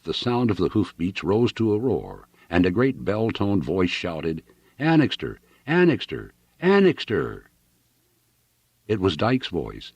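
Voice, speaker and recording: A man's voice: deep voice, darkish tone, breathy edge, dry recording. A man reading a novel aloud with dramatic, varied storytelling. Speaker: audiobook reader. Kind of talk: novel narration.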